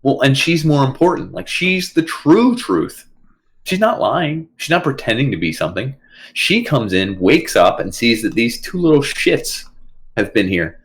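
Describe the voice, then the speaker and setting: A young adult man co-hosting a casual podcast, talking in an animated way and slipping into quick put-on voices. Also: medium pitch. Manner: animated, quotes movie lines in put-on voices. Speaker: podcast co-host. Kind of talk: casual chat.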